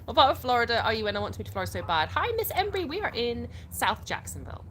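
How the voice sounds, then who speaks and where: A woman's voice: fairly high pitch, expressive, racing, background noise. A young English woman from England hosting a casual livestream on her phone outdoors, chatting and reading viewer comments aloud with easy laughter. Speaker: livestream host.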